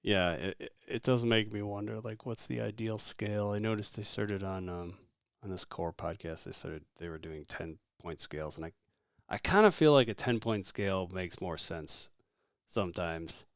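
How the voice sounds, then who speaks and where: A man hosting a casual podcast, rambling and relaxed with lots of fillers. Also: sits low, normal speed, no room sound, studio quality. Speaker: podcast host.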